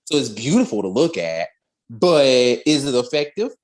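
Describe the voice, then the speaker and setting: A man co-hosting a casual fan discussion podcast, talking in an animated, emphatic way and often repeating words. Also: medium pitch, moderate pace. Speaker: podcast co-host.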